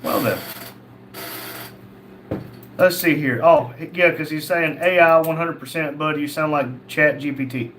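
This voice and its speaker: A man's voice: on the high side, a little slow, pauses often, fairly bright tone, slight background noise. A man hosting a casual livestream, reading chat comments aloud and answering them in a blunt, crude, joking way. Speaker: livestream host.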